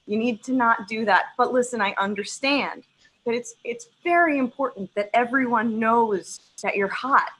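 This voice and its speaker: A young woman performing a stand-up set on a video call, emphatic and profane, pausing like a preacher between lines. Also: on the high side, a bit bright, rough recording. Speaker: stand-up comedian.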